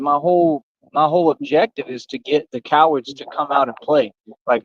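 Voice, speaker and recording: Man, somewhat high voice, slangy direct-address stream rant, dry muffled lo-fi sound. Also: no echo. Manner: street slang, repetitive, talks straight to viewers. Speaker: livestream host. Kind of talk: casual livestream rant.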